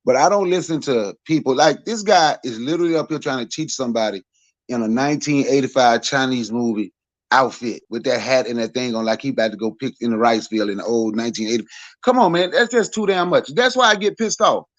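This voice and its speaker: A man's voice: medium pitch, animated, a little fast, dry recording, highs cut off. A man in his forties speaking as a podcast panelist in a blunt, profane, heated rant.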